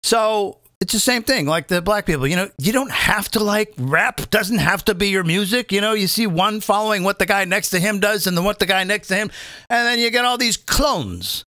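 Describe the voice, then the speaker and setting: A man's voice: high-pitched, normal speed, pushed and bright, no room sound, clean studio sound. A man in his fifties hosting a live comedic political rant, rambling and repeating phrases as he stumbles over restarts. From British American. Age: 50s. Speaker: comedian host.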